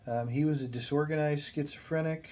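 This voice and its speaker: A man's voice: on the high side, fairly even intonation, brisk, dark tone, a little hiss or hum. Rambling male lecturer telling a story. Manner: conversational, many ums and restarts, anecdotal.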